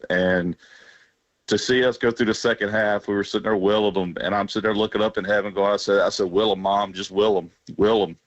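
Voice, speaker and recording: Choked-up alabama guy calling in on a dull phone line, low flat voice. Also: dry recording. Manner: emotional, rambling, heartfelt. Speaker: radio caller. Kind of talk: emotional phone-in call.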